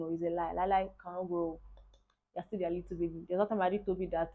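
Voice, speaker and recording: A Nigerian woman in her twenties with a Nigerian accent telling a personal story in a casual, animated way, often checking in with the viewer. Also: fairly low pitch, fast. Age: 20s. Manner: animated, talks straight to the viewer with repeated asides. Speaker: vlogger. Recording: tinny lo-fi phone-like audio.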